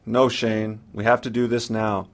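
A distraught middle-aged mother on the phone, her voice tearful and pleading, as a man puts her on. She sits a little higher than his usual low register and hurries her words. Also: level tone, a little slow. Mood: urgent.

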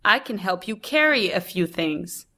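A woman's voice: mid-range voice, lively intonation, unhurried, sharp tone, exaggerated voice. A woman reading the lines of a reluctant young girl who politely makes excuses. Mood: apologetic.

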